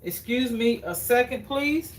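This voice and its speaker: Slow, chatty woman cooking-show host. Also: a little high, animated, slight background noise. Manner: chatty, repeats phrases, addresses viewers as guys. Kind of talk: live cooking demonstration. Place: home kitchen. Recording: roomy, distant from the mic.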